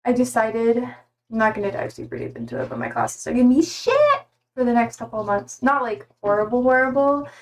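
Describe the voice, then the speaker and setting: A woman's voice: fairly high pitch, animated, brisk. A young adult woman chatting casually on a live stream from home, loose and a little sweary as she greets viewers by name.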